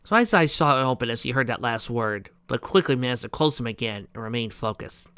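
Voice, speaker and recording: A man's voice: medium pitch, lively intonation, fairly quick, fairly bright tone, clear, resonant tone, dry recording. A man reading a fan fiction story aloud and breaking off into sarcastic commentary. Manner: sarcastic, ranting asides.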